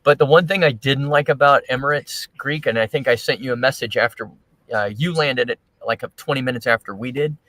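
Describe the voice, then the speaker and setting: A little fast and a bit bright, this man's medium-pitched voice comes from a livestream co-host who chats casually and quotes people while retelling stories. The recording is rough, with no echo.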